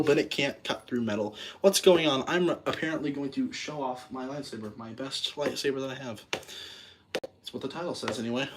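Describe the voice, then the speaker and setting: A man talks casually to his viewers, rambling and tripping over his words as he corrects himself. He pokes fun at his own nerdiness, and his voice sits at an ordinary middle pitch. A faint hiss runs under the recording. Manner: rambling, self-correcting, jokey; self-deprecating nerdy enthusiasm. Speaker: video host. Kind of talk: casual show-and-tell vlog.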